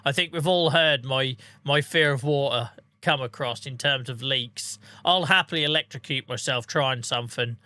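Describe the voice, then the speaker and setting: A man's voice: mid-range voice, normal speed, hardly any pauses, pushed and bright, dry recording. A man chatting casually on a live game stream, bantering, laughing often and answering viewers' messages. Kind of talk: casual live-stream chat over gameplay.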